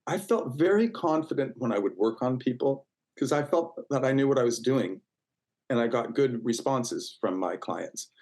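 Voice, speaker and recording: A man's voice: medium pitch, lively intonation, moderate pace, low-quality recording. Chatty man telling old stories. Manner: warm, chatty, full of fillers and restarts, acts out quoted voices. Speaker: interview guest. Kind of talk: casual storytelling interview.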